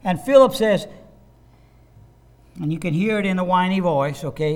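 A pastor preaching a sermon, earnest with playful asides. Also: male voice, sits high, lively intonation, moderate pace, long pauses.

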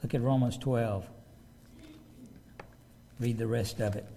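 A man's voice: medium pitch, steady tone, slow pace, creaky, dark tone, a little hiss or hum. A man preaching a sermon, reading scripture aloud and stopping to ask his listeners emphatic rhetorical questions. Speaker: pastor.

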